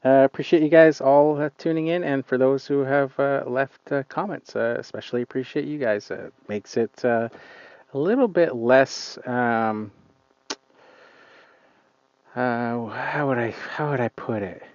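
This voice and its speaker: A man's voice: medium pitch, measured pace, darkish tone, no echo. Man streaming from a lawn, casual rambling chat, lots of ums, dry close sound, dull lo-fi phone audio. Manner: rambling, hesitant, many fillers. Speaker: lawn care channel host. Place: outdoors on a client's lawn.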